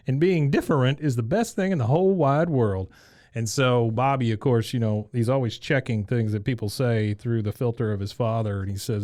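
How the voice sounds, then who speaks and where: A man's voice: medium pitch, a little fast, a little mellow, dry recording, clean studio sound. A man co-hosting a podcast, recapping a cartoon episode in casual chat, laughing often and acting out characters' lines in raised voices. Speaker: podcast co-host.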